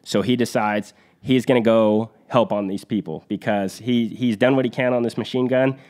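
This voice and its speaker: Low-voiced man telling a war story. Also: fairly even intonation, normal speed, a little mellow. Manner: vivid, earnest retelling with restarts. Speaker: podcast host.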